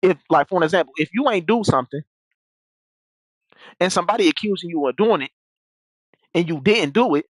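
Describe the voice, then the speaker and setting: A man's voice: sits high, animated, brisk, long pauses, dry recording, poor audio. A young man telling a story in casual, rambling talk, full of slang and repeated restarts.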